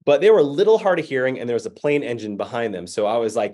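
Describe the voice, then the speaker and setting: A man delivers a motivational keynote as an animated storyteller. His voice sits at a middle pitch, and he acts out the people in his anecdote with real energy. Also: fast, few pauses. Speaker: keynote speaker.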